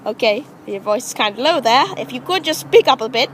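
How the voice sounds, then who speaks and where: A woman's voice: a little high, lively intonation, brisk, a little hiss or hum, poor audio. A young woman hosting an improvised spoof documentary, playful and mock-formal as she interviews friends outdoors. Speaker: interviewer and host.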